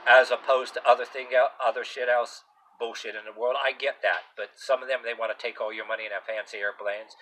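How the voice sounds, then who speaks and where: A man's voice: medium pitch, pushed and bright, a little hiss or hum, rough recording. A man in a casual opinion rant outdoors, rambling and swearing with many restarts and fillers. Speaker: vlogger. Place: outdoors near a street with passing cars.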